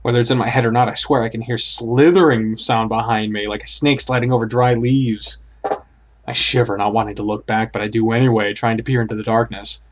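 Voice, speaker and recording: Guy reading a scary visual novel out loud, mid voice, yelps and swears at the spooky bits. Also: medium pitch, fairly even intonation, fairly quick. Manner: dramatic reader, blurts out startled reactions. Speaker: let's play host.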